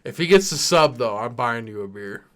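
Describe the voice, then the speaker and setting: A man's voice: mid-range voice, animated, normal speed. A man co-hosting a fight betting podcast in a laid-back way, laughing often. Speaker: podcast co-host. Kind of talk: casual betting chat.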